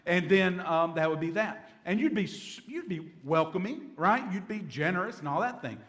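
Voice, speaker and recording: Folksy pastor preaching. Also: male voice, high-pitched, lively intonation, moderate pace, fairly bright tone. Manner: folksy, with humorous asides and acted-out quotes. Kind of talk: sermon Bible teaching.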